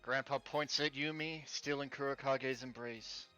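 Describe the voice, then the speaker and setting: A man's voice: medium pitch, steady tone, measured pace, sharp tone, soft background music. Sarcastic male streamer reading a game. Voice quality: sarcastic, exasperated asides, swearing. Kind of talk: reading game text aloud with sarcastic commentary.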